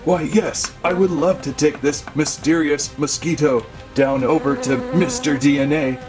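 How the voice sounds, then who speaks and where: A man's voice: a little high, steady tone, normal speed, music in the background, natural voice. John Hammond, a man imitating a genial old park founder. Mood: gracious. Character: elderly genial male theme park founder.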